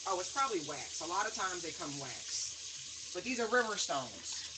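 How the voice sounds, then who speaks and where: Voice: mid-range voice, sing-song, normal speed, background noise. A tarot reader giving a casual spiritual card reading to viewers, chatty and direct, with lots of fillers, calling the listener honey while showing a stone to the camera.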